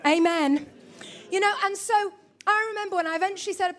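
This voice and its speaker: A middle-aged woman preacher giving a sermon to a church congregation, lively and humorous, teasing her listeners. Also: extremely high pitch, a little fast.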